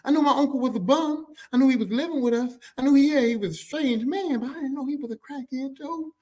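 A man hosting a podcast, telling a comic personal story in an animated, profane way. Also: extremely high pitch, quick pace. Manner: animated, profane, shifts into character voices. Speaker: podcast host.

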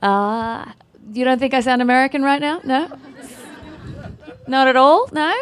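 An Australian actress with an Australian accent, answering panel questions in a playful, self-deprecating way. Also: female voice, high-pitched, measured pace, some chatter behind.

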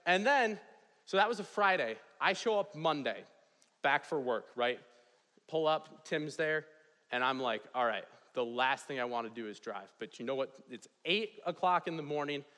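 A young man preaches with lively storytelling energy, his voice bright and forward. He keeps checking in with the listeners as he tells his story. The sound carries a long reverb from a large chapel hall. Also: a little high, measured pace. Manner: energetic, animated storytelling with frequent "right?". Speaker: chapel speaker, residence hall director. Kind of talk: storytelling sermon.

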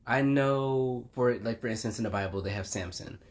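A man's voice: mid-range voice, normal speed. A man, co-hosting a podcast in opinionated casual chat, swearing freely. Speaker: podcast co-host.

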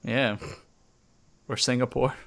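A man's voice: mid-range voice, fairly even intonation, slow, creaky, fairly bright tone. A man in casual chat with friends, throwing in dry, teasing quips.

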